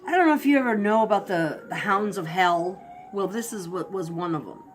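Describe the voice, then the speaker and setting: A woman telling a spooky personal story in a casual, animated way, acting out barks and shouts. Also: mid-range voice, brisk, faint music behind. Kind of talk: casual spoken ghost story.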